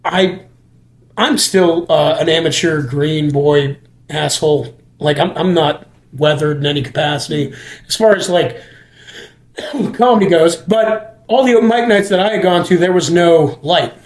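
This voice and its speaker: A man's voice: fairly high pitch, measured pace, echoey room. A man hosting a casual chat about comedy, rambling and often restarting his sentences. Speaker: comedian and podcast host.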